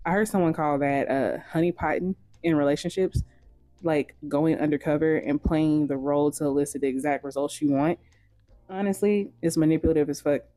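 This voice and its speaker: Blunt woman commentator, mellow dry voice. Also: deep voice, fairly even intonation, a little fast, no echo, soft background music. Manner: blunt, frank, swears casually. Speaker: commentator in a played video. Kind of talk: scripted commentary voice-over.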